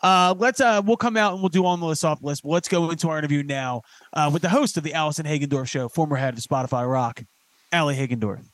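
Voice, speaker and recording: A man's voice: fairly high pitch, dry recording. A man with a Philadelphia accent hosting a podcast in casual chat, swearing and laughing as he tells stories. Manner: swearing, joking, quick laughs. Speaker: podcast host.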